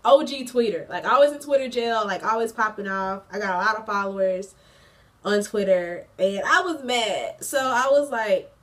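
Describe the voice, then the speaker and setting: A woman's voice: medium pitch, normal speed, recorded from a distance. A young woman in her twenties, a college student, telling a casual storytime vlog with lots of fillers, slang and bursts of laughter. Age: 20s. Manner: chatty, slangy, frequent fillers; animated, laughs mid-story.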